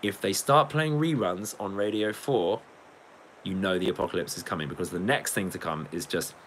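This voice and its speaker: A man's voice: sits low, moderate pace, a bit bright, a little hiss or hum. A man and beatboxer chatting casually on a live stream. He rambles, jokes, swears freely and often breaks into laughter. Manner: rambling, jokey, swears a lot, cracks up laughing.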